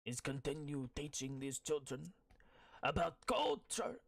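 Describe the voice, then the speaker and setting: A man doing a grave old revolutionary teacher who drags out every slow, heavy word. His weary sighs frame a dry, close voice. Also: fairly high pitch, big pitch swings, vocal fry, dry recording, voice pushed up, full character voice. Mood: solemn. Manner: solemn, sighing, weary.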